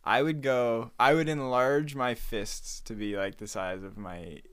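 A man's voice: mid-range voice, steady tone, unhurried, fairly bright tone, smooth, no echo, studio quality. A young man co-hosting a podcast, trading goofy jokes in casual chat. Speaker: podcast co-host.

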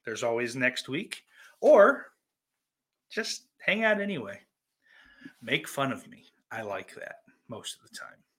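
A man hosting a podcast in casual live-stream chat, greeting viewers and rambling through profane, self-deprecating banter, with loud outbursts between muttered asides. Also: mid-range voice, big pitch swings, slow, long pauses, breathy edge. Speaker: podcast host.

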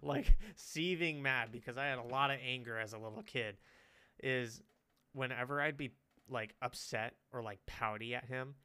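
A man's voice: mid-range voice, moderate pace, bright, forceful tone, clean tone. A man from California co-hosting a casual podcast, rambling through stories and laughing often. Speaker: podcast co-host.

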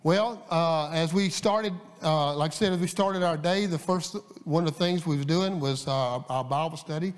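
A man's voice: fairly high pitch, normal speed, few pauses. A man preaching a sermon in a folksy, storytelling way, with frequent fillers and restarts. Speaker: guest preacher. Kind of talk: sermon with scripture reading. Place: church sanctuary. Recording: long church reverb.

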